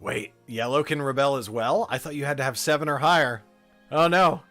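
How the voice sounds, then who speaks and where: A man streaming a strategy game live, reading out the game's text and chatting casually with his viewers in a relaxed way. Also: medium pitch, a little fast, faint music behind. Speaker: streamer running a game for chat.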